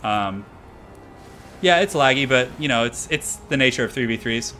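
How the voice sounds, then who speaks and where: A young man streaming a strategy game, commentating in a chatty, excitable, slangy way, tired and a little out of breath. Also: mid-range voice, normal speed, a little hiss or hum. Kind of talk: casual live-stream commentary.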